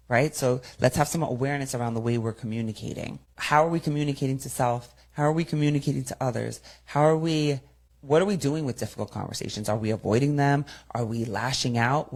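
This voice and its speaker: A woman hosts her own podcast as a communication coach. Her voice sits low with a gravelly edge. She speaks directly and repeats key phrases for emphasis. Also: darkish tone. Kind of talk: solo podcast talk, coaching.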